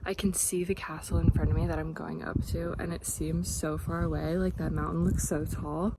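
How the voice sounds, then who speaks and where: A woman's voice: low-pitched, level tone, moderate pace, very noisy. Breathless young woman vlogging on a hike. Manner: chatty and upbeat, talking to camera on the move. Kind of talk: casual vlog narration while hiking. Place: outdoors on a mountain trail. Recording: music bed under the voice.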